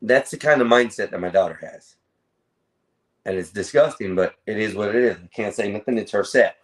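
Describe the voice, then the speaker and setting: Heard through streaming call audio, a fairly low-voiced man talks a little fast as he rambles through a lengthy personal story. "Bro" is his name for the listener, and he plugs pauses with an offhand "da, da, da."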